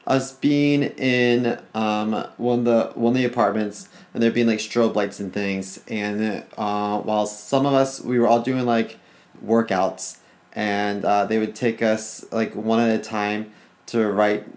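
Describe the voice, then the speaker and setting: A man's voice: on the low side, level tone, a little slow, a little mellow. A young man who is a guest in a casual chat, remembering events hesitantly with many fillers.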